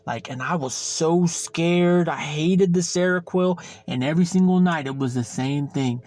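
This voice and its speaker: A man's voice: a little high, moderate pace, darkish tone. A young man hosting a podcast, chatting casually and rambling, repeating himself and swearing freely. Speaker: podcast host. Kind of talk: casual solo chat.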